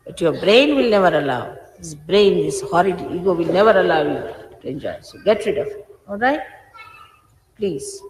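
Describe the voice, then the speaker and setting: A woman's voice: on the low side, lively intonation, moderate pace, darkish tone. A woman, a spiritual teacher, gives an informal, emphatic sermon, admonishing her followers. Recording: echoey hall with faint hiss.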